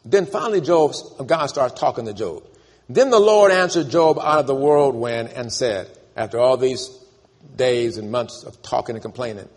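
A man's voice: mid-range voice, a little mellow, breathy edge. Emphatic male preacher in echoing church. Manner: emphatic, calls for congregation responses. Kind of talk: sermon. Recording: long church reverb.

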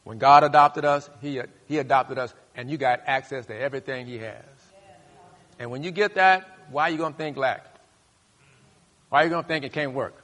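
A male pastor preaching a sermon, leading the congregation in call-and-response and rising to loud, high bursts. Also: a little fast. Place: church sanctuary. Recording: long hall reverb.

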